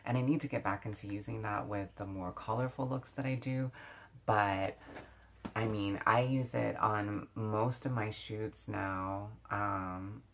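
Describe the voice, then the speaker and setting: A woman's voice: a bass voice, steady tone, measured pace, a little hiss or hum. A woman beauty vlogger chatting casually while doing her makeup, reflective, with many fillers and restarts. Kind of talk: casual get-ready-with-me chat.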